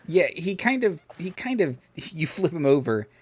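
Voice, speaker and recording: A man narrating a tabletop game as game master, relaxed and laughing, often trailing off with fillers. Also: a little high, moderate pace, husky, no room sound.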